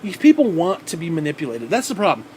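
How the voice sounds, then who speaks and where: A man's voice: a little high, wildly swooping pitch, fast, darkish tone, slight background noise. Man in a heated swearing rant. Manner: heated, swearing constantly, restarting sentences. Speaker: vlogger. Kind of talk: angry profane rant to camera.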